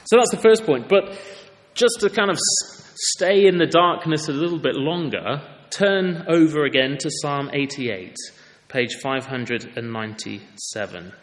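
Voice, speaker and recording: A man's voice: a little high, unhurried, in a large hall. A man preaching a sermon in a church, with an earnest, conversational and emphatic way of speaking.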